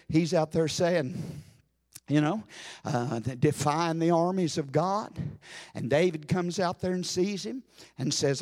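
A man preaching a sermon with fervor, repeating phrases, calling out praise and rising to shouted exclamations. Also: a little high, slow. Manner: repeats phrases and calls out hallelujah.

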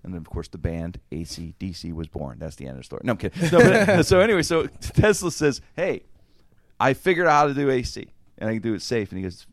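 A man's voice: fairly low pitch, sing-song, fast, no room sound, clean studio sound. A man hosting a podcast, telling a long story in casual, profane chat and acting out the quotes. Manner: rambling, profane, acts out quotes. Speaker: podcast host.

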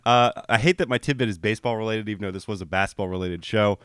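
A man working as a radio show producer, putting trivia questions to a guest as a brisk, encouraging quizmaster. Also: lowish voice, fairly bright tone, clear, resonant tone, no room sound, clean studio sound. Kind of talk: quizzing on-air trivia.

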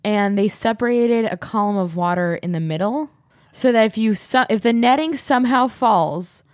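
A woman's voice: a little high, normal speed, a little mellow, no echo, clean studio sound. A young woman hosting a podcast, telling stories in a casual, giggly way. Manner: storytelling, giggly, does silly voices. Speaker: podcast host. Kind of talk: casual chat.

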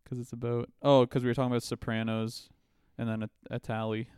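Laughing, crude young guy, smooth dry voice. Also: mid-range voice, level tone, fast, a little mellow, dry recording. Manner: crude, joking, laughs often, loose rambling stories. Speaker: podcast co-host. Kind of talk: casual chat.

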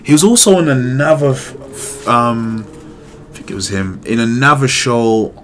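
A man co-hosting a podcast, chatting casually in an animated, slangy way and swearing freely. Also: mid-range voice, moderate pace, slight background noise. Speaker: podcast co-host. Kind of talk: casual chat.

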